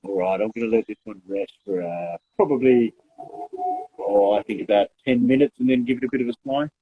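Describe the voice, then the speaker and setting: A laid-back man talks his way through grilling a steak on a live stream, laughing often. His voice comes through a narrow, phone-like call with a light hiss underneath, and his pitch sits right in the middle. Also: fairly quick. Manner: chatty, laughs often, talks while cooking. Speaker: co-host of a live barbecue show. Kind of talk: casual live-stream chat. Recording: thin phone-like audio with faint noise.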